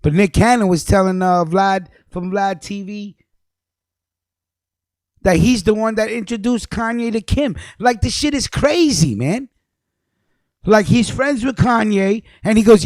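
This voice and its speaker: A man ranting angrily on a livestream, cursing a lot, repeating himself, and jumping between low mutters and loud outbursts. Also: a little slow, dry recording, clean studio sound. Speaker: livestream host. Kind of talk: profane ranting commentary.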